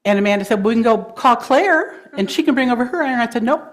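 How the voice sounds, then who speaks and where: A woman speaker at a congregation gathering, gently guiding listeners through breathing and grounding, encouraging and quick to laugh. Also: on the high side, lively intonation. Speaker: guest speaker. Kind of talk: guided breathing exercise in a talk. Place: congregation hall.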